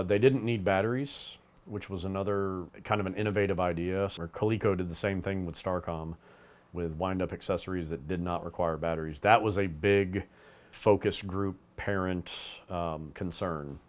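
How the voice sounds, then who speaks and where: A man's voice: sits low, fairly even intonation, moderate pace. A man co-hosting, talking casually about a cartoon and its toys, rambling with fillers and restarts. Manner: rambling, with fillers and restarts, acts out bits of dialogue.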